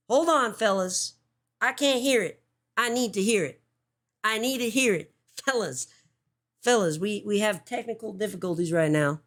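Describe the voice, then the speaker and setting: A woman hosting a livestream show, giving casual commentary, swearing often and restarting her sentences. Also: medium pitch.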